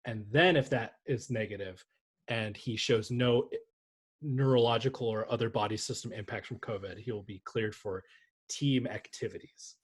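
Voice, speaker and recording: Husky-voiced man riffing on sports. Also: fairly low pitch, normal speed. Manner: rambling, joking, swears freely. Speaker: podcast co-host. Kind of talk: casual sports podcast chat.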